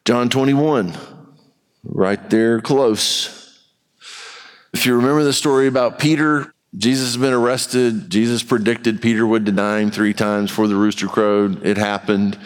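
A man's voice: lowish voice, fairly even intonation, a little slow, clean tone. Candid preaching man, reverberant church. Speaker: pastor. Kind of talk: sermon. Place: church sanctuary. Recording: long hall reverb.

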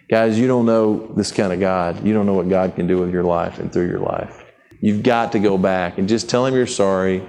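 Animated man preaching a sermon. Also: low voice, moderate pace. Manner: conversational, animated, acts out quotes.

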